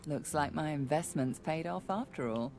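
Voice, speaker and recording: A woman's voice: sits low, moderate pace, darkish tone. A woman voicing a dry, teasing adult sorceress in a video game, over game music. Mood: wry. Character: wry, mocking female sorceress, adult. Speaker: game character.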